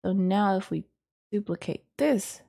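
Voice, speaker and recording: Mellow-voiced woman thinking aloud. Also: medium pitch, measured pace, creaky. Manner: rambling, hesitant, frequent ums and self-corrections. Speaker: course instructor. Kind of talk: casual unscripted teaching, thinking aloud.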